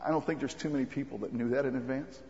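A man preaching a sermon as pastor, earnest and halting, with frequent ums and restarts. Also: mid-range voice, steady tone, a little mellow. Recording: muffled recording with long hall reverb.

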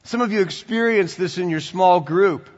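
A male pastor preaching a sermon, swinging from loud animated passages to quiet conversational asides. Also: high voice, moderate pace, big-room sound, muffled recording. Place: church sanctuary.

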